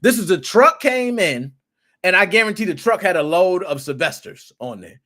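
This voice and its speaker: A man hosting a gaming podcast, talking in an animated, excitable way with playful rants and cursing. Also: high-pitched, normal speed. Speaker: podcast host. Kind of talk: casual commentary podcast.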